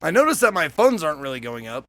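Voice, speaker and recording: A man's voice: fairly high pitch, sing-song, quick pace, fairly bright tone. Man reading a game's story aloud. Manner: reads dialogue aloud, then swears and jokes in reaction. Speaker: gameplay streamer.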